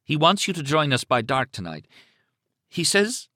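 A man's voice: mid-range voice, big pitch swings, takes it slowly, dry recording, voice pushed up. A man voicing a frightened young mother who sounds harried and close to tears, pleading in a trembling voice.

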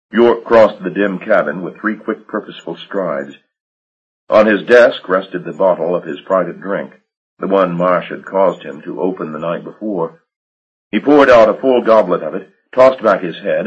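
Deep husky male audiobook narrator. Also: muffled recording. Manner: measured, dramatic storytelling.

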